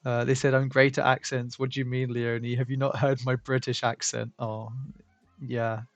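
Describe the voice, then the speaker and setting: A man's voice: mid-range voice, level tone, moderate pace, dry recording. A man hosting a casual livestream, reading viewer comments aloud and laughing often. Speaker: stream host.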